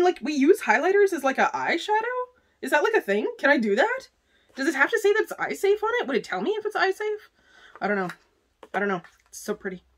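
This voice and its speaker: A woman vlogger chatting casually through a beauty box unboxing, gushing and excitable, full of "like" and "oh my gosh.". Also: a little high. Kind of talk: casual unboxing chat to camera.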